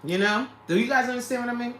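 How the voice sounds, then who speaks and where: A woman's voice: on the high side, fast talker, reverberant, background noise. A woman hosting a casual livestream who reads out viewer comments, laughing often and talking straight to her viewers. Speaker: livestream host reading chat.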